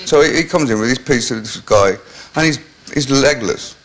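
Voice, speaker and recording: A man's voice: medium pitch, moderate pace, a bit bright, low-quality recording. A man telling rambling, self-mocking anecdotes as a guest on a chat show, with many restarts.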